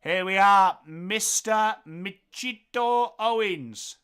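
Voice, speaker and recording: An English man hosting a live football watchalong, calling the play and joking with chat viewers in an excitable, playful way. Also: high voice, slow, clear, resonant tone. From England. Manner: excitable, jokey, bursts into loud calls of the play. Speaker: watchalong host.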